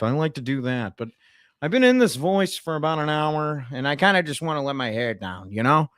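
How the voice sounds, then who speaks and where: A man's voice: medium pitch, lively intonation, moderate pace, no echo, studio quality. Sarcastic man ranting in a pundit persona. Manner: sarcastic mock-pundit rambling, swings between loud outbursts and muttered asides. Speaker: livestream comedian. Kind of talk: satirical in-character livestream rant. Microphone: streaming mic.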